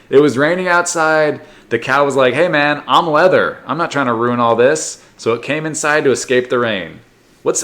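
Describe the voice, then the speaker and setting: A man hosting a comedy podcast, reading odd news stories aloud and riffing on them with sarcastic jokes and quick silly voices. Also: medium pitch, a bit bright. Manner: sarcastic, reads headlines then riffs with silly put-on voices. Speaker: podcast host.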